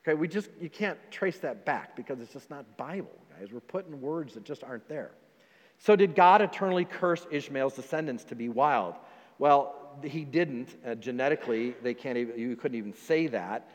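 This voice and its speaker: A man's voice: mid-range voice, expressive, moderate pace, long reverb tail. A man preaching as pastor in a conversational sermon, with frequent fillers and restarts.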